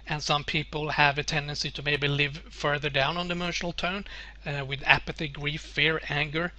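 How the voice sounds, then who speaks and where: A man's voice: on the high side, sharp tone. A man presenting a webinar with slides, explaining earnestly and often circling back to restate his points.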